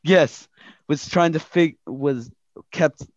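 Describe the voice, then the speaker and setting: A man's voice: a little high, slow pace, dry recording. Brief: rambling male game master, casual, dry muffled mic. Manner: rambling, many restarts, mild swears. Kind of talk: casual tabletop game narration.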